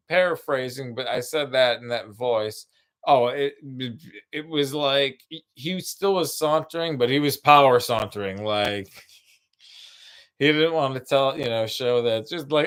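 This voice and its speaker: A man's voice: mid-range voice, measured pace, a bit bright, smooth. A man telling a rambling, profane stand-up story, full of restarts and asides. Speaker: stand-up comedian.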